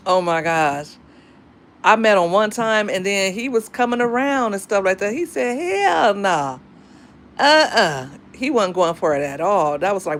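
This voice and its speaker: A woman's voice: medium pitch, a little hiss or hum. A middle-aged woman and single mother talking candidly and emphatically about dating and raising daughters, in a casual monologue.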